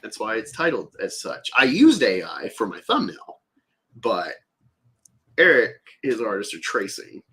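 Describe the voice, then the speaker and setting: A man's voice: lowish voice, huge pitch swings, a little slow, a bit bright, slightly rough. A man chatting casually as a podcast co-host, rambling and profane, with lots of filler words. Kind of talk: casual chat.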